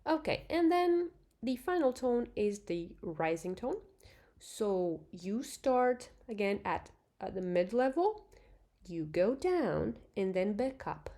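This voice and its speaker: A woman teaching beginners the Thai script, explaining slowly and patiently and demonstrating sounds, with many fillers. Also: medium pitch, big pitch swings, dark tone. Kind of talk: online language lesson.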